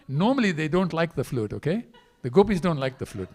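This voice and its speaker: A man giving a storytelling sermon class in a temple, animated and acting out the characters as he goes. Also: sits high, quick pace. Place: temple hall.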